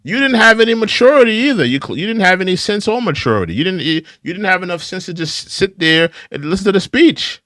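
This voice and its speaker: A man's voice: high voice, expressive, fast, few pauses, sharp tone, no room sound, clean studio sound. A man hosting a political reaction show, scolding the clips he plays and often repeating himself. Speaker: political commentary host. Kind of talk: reaction commentary.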